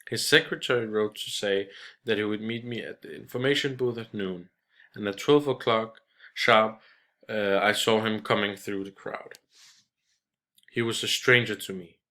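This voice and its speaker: A man reading a short story aloud in a measured way, with small restarts. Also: on the low side, fairly even intonation, fairly bright tone. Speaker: reader.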